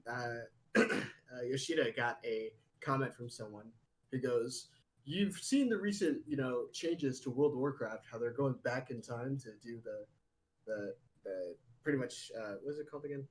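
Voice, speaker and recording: A man's voice: mid-range voice, animated, normal speed, poor audio. A man co-hosting a live video game podcast, talking casually, teasing his co-host and laughing often. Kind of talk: casual chat. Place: studio or home room, live podcast.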